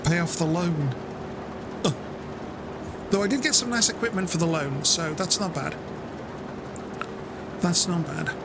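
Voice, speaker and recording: British male streamer, higher voice, casual and self-mocking, vehicle noise in the background. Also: unhurried, pauses often. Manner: chatty, self-mocking, acts out friends in high voices. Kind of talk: casual gameplay chat. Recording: game sounds and vehicle noise behind.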